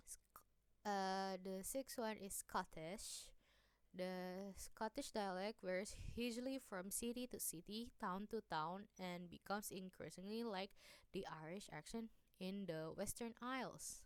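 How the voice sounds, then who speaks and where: A woman's voice: mid-range voice, clear, resonant tone, no echo. A young woman whose first language is Indonesian gives a class presentation, hesitant, with many fillers and restarts. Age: young adult. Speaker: student presenter.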